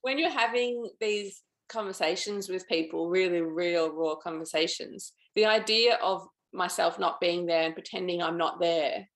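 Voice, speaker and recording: Woman with a gravelly low voice. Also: moderate pace, hardly any pauses. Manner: thoughtful, earnest, chatty with fillers. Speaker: documentary filmmaker, guest. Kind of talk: interview conversation.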